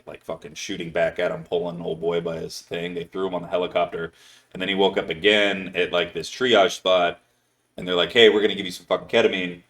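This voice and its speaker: A very low-pitched man tells a story on his podcast in a loose, casual way. His talk rambles and is full of swearing and "like" fillers. His voice sits deep in the chest. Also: a bit bright. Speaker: podcast host.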